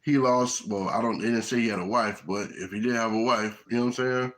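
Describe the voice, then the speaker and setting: A man's voice: lowish voice, steady tone, fairly quick, a bit bright, a little hiss or hum, rough recording. A man preaching a sermon outdoors in the heat, often checking in with the crowd by asking "right?". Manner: preaching with frequent "right?" tags. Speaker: street preacher. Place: outdoors in hot weather.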